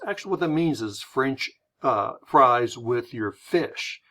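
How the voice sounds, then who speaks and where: A man's voice: medium pitch, expressive, moderate pace, a bit bright. American man teaching a casual lesson. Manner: conversational, explaining with examples. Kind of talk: recorded lesson.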